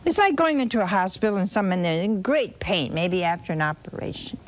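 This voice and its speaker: A woman preaching a sermon, telling a scripture story slowly and expressively with dramatic repetition. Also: medium pitch, animated.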